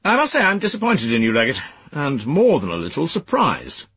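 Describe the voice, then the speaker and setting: A man's voice: fairly high pitch, huge pitch swings, a little fast, fairly bright tone, slightly rough, dry recording, highs cut off, voice pushed up, heavily acted. A man voicing a stern older former soldier, a senior private secretary who speaks in clipped, commanding, disapproving tones.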